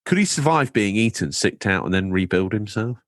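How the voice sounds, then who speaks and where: A man's voice: lowish voice, expressive, fairly quick, no echo, clean studio sound. A man co-hosting a podcast in casual chat, playful and rambling, drifting into absurd jokes. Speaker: podcast co-host.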